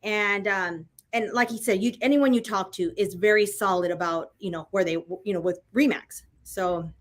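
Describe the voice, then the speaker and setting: A woman's voice: mid-range voice, moderate pace. A woman co-hosting a casual business chat, talking in a loose, rambling way. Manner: rambling, many fillers and restarts. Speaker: co-host of a real estate broker talk.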